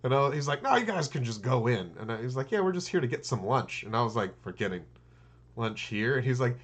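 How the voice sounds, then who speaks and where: A man's voice: mid-range voice, very animated, brisk. Casting: man, podcast co-host, casual rambling storyteller who acts out quotes. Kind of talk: casual chat.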